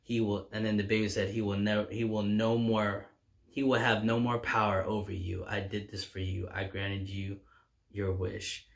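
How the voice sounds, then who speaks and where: A man with a fairly low voice, talking loosely and casually as he walks through a comic book story. He rambles, piling on fillers and false starts as he retells each scene. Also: little pitch movement, normal speed, creaky. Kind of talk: casual recap chat.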